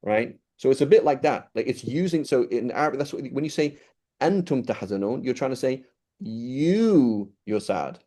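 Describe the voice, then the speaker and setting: A man's voice: medium pitch, animated, a little fast, mellow. A man teaching an informal Quran study class, explaining step by step and checking in with his listeners often.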